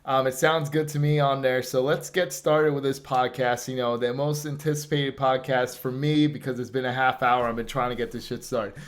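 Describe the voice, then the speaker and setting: A man's voice: mid-range voice, steady tone, normal speed, few pauses. A man hosting a casual nerd-culture podcast, rambling and joking about tech trouble. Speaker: podcast host. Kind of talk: casual chat.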